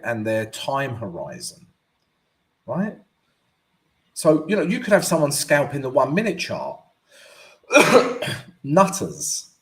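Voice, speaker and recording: A man hosting a live trading stream, chatting casually through market commentary and viewer questions, tagging lines with "right?". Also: mid-range voice. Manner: does offhand mock voices of traders.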